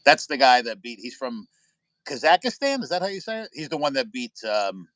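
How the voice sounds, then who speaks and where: A man's voice: mid-range voice, very animated, a little fast, a bit bright, dry recording. Rambling American man hosting a live chat. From United States. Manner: rambling storyteller, swears freely. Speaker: livestream host. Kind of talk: casual chat with viewers. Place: indoors at home by a window.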